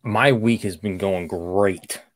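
A man co-hosting a podcast, chatting in an easygoing, chuckling way about his week. His voice sits a bit low. The sound is dry and close. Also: takes it slowly, no room sound. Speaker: podcast co-host. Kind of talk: casual chat.

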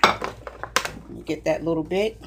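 A woman's voice: sits low, slow pace, heavy background noise. A woman chatting casually to viewers while she cooks breakfast in her home kitchen, folksy and talkative. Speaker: cooking vlogger. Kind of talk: casual cooking chat.

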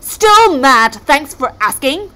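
A huge Viking uncle who bellows straight into your face, as a woman puts him on. The voice is shouted, very high and bright for such a big man. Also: big pitch swings, takes it slowly, full character voice. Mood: bellowing.

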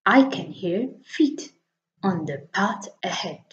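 A woman voicing a huge, slow-witted male monster in a storybook reading, with a lower, gruff voice. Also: lively intonation. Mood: wondering. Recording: echoey dull lo-fi room.

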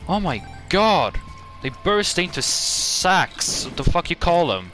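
A man hosting a gaming channel, giving excitable, jokey gameplay commentary full of swearing and sudden outbursts. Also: a little high, slow pace, faint music behind.

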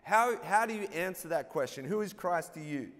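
A man's voice: sits high, lively intonation, normal speed, a bit bright. A man preaching a sermon as a guest pastor, playful and drawing call-and-response from the congregation. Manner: playful, gets the crowd to call back. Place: church auditorium. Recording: long reverb of a large hall.

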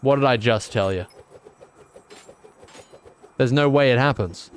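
A young man streams a game, rambling and cracking jokes while he responds to his chat. His mid-range voice moves at a measured pace. There's a little hiss or hum in the background.

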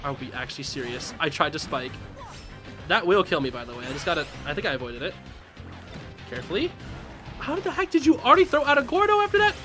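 A young man streaming a fighting game, reacting loudly with yelps, laughs and slangy trash talk. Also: fairly high pitch, big pitch swings, fast, long pauses, loud music behind the voice. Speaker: gaming streamer. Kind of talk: live gameplay commentary.

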